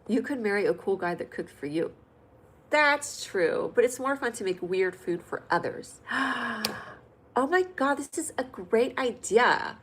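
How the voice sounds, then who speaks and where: Husky and medium-pitched, a woman from California chats with her comedy livestream audience at a moderate pace, reading comments in a playful, jokey manner that occasionally gets loud and lively. The recording quality is low.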